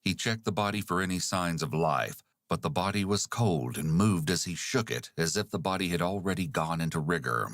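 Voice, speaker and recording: Male podcast narrator, deep voice, dead-dry close mic, steady measured read. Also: no echo. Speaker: podcast host narrating true crime. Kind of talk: scripted narration.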